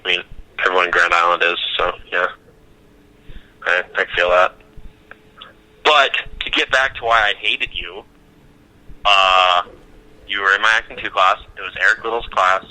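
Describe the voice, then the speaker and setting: A young man from Nebraska chatting casually on a podcast, telling animated stories and cussing freely. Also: low voice, moderate pace, pauses often, poor audio. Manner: animated storytelling, acts out quotes, swears freely. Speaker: podcast co-host. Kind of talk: casual chat.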